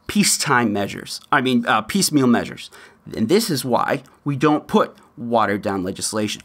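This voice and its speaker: Man, podcast host, opinionated commentary, lively pitch, laughs mid-sentence.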